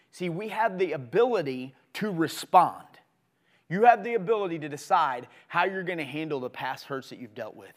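A middle-aged pastor preaches a sermon in an earnest, conversational way, his pitch and loudness swinging in lively fashion.

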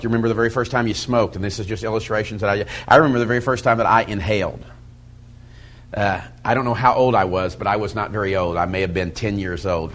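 A middle-aged man preaching to a men's Bible study in a conversational style, swinging from loud emphasis to quiet, intense asides. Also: mid-range voice. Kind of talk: sermon.

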